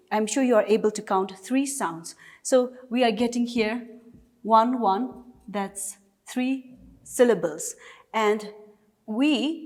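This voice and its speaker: A woman teacher from Nagaland, India, speaks with a Naga English accent in a slightly high, slightly mellow voice. In a recorded class lesson, she explains patiently and step by step, repeating examples.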